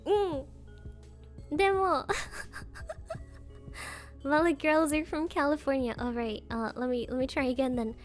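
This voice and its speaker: High-voiced, slow, giggly woman streamer. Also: fairly even intonation, soft background music. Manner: shy and giggly, with frequent soft laughs and hums. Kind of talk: casual live-stream chat, reading out viewer comments.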